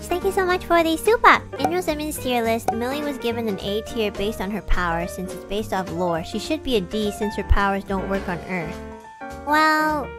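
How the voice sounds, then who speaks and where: A woman livestreamer in casual chat, rambling with lots of "like" and swearing freely, emotional and sometimes cracking. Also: a little high.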